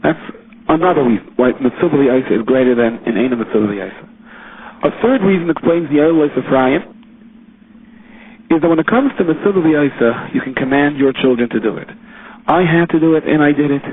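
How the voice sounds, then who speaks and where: A man, a rabbi, giving a Torah lecture in an explanatory way, his pitch rising on his examples. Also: animated, a little fast. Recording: tinny phone-line recording with faint hiss.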